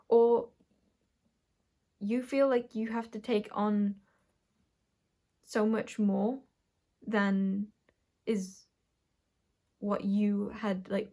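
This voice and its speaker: A woman giving a collective tarot reading, musing and halting as she draws cards and talks through what she senses. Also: medium pitch, darkish tone. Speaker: tarot reader.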